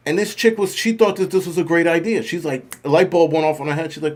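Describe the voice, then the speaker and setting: A middle-aged man hosting a casual livestream, rambling and swearing in nearly every sentence. He jokes about getting old, then drifts into the news in the same loose, profane way, his voice climbing high when something riles him. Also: steady tone, quick pace, hardly any pauses, darkish tone. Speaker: host.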